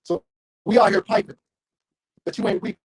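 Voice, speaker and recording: A man's voice: no echo, rough recording. A man street preaching, reading scripture aloud and calling out to listeners with constant "right?" and "you see?". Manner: reads scripture slowly with big pitch leaps.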